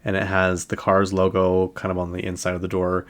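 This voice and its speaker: A man's voice: low voice, monotone, a little fast. A man hosting a podcast, chatting casually about celebrity news in a rambling way with lots of fillers. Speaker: podcast host.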